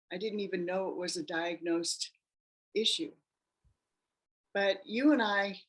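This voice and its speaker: Woman telling a story with lively quoted voices. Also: lowish voice. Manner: animated, acts out quoted voices. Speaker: interview guest. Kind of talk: personal storytelling.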